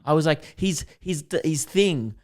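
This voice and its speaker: A young man in his twenties chatting on a podcast, telling a rambling story and acting out the lines of people in it. His voice sits a little high for a man, and he talks in loose, easygoing bursts. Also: lively intonation, a little mellow. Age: 20s. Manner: rambling storyteller, quick to act out quotes. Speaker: podcast co-host. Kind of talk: casual chat.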